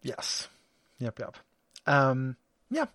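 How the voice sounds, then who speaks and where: A man's voice: medium pitch, big pitch swings, very slow, a bit bright, no echo, studio quality. A man co-hosting a casual podcast about a video game, rambling with lots of fillers and restarts and laughing often. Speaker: podcast co-host. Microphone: studio microphone.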